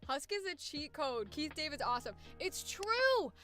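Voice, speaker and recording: An excitable woman voice actor chats casually with her stream, laughing and swearing freely. Her voice is bright and animated, a little high. Faint music runs behind her. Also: a little fast. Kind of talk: casual livestream chat.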